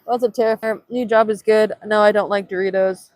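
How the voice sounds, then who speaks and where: A woman's voice: medium pitch, fairly even intonation, moderate pace, a little mellow, no echo. A young woman chatting casually on a livestream outdoors at sunrise, reading chat aloud in a playful way, filmed on a handheld phone. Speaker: livestream vlogger.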